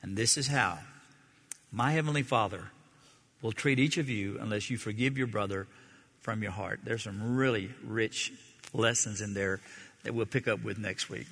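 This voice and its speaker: A man's voice: on the low side, moderate pace, gravelly, a bit bright, husky. A man preaching a sermon, reading a Bible passage and explaining it in a conversational way, asking his listeners questions. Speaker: pastor. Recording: long hall reverb.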